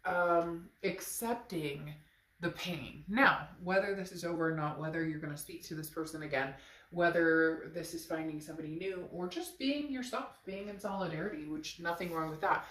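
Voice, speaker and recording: A woman's voice: lowish voice, moderate pace, a bit bright, echoey room. A woman with a stuffed-up nose giving a chatty, emphatic tarot reading straight to her viewers. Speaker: tarot reader.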